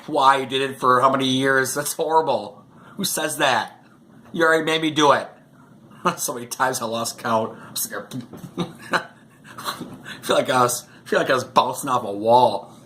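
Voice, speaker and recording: A man's voice: mid-range voice, bright, forceful tone, slight background noise. A man vlogging, telling rambling stories in a casual way, chuckling often and saying "you know" a lot. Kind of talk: casual storytelling to camera.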